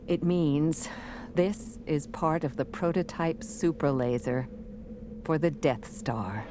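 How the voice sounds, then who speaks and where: A woman's voice: low voice, slow pace. A woman reading the part of a guarded male informant in an audiobook. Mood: awed. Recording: noisy recording.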